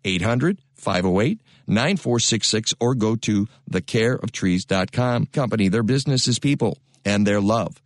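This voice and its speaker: A man's voice: on the low side, animated, moderate pace, few pauses, dry recording. A man hosting a radio gardening show, chatting in a folksy, jokey way and reading sponsor spots into a studio microphone.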